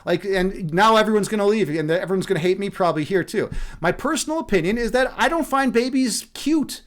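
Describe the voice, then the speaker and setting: A man's voice: sits high, lively intonation, fairly quick, a bit bright. A man hosting a casual livestream monologue, rambling and profane, laughing at his own jokes. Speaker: livestream host.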